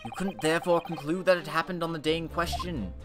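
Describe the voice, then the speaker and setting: A man voicing a cold, aristocratic British prosecutor in a low, slow, condescending voice, over game music. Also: close to an everyday voice. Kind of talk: game playthrough voice acting.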